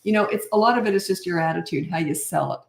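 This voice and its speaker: A woman's voice: lowish voice, fast talker, vocal fry, echoey room. A woman in her sixties, a parenting coach, answering viewer questions in a candid, chatty live Q&A. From Canada. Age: 60s. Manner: candid, chatty, self-deprecating. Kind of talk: live Q&A chat.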